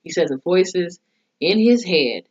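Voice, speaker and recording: Woman reviewer, lowish voice, swears freely, casual recap, muffled lo-fi sound. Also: animated, unhurried, darkish tone, slightly rough. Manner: profane, blunt storytelling. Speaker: TV episode reviewer. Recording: dull lo-fi recording.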